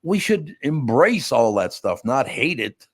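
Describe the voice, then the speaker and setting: A man hosting a talk podcast, chatting casually in an opinionated, gruff way and sometimes reading a news story aloud. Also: medium pitch, big pitch swings, measured pace, no echo, clean studio sound. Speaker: radio podcast host. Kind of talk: casual talk-show banter.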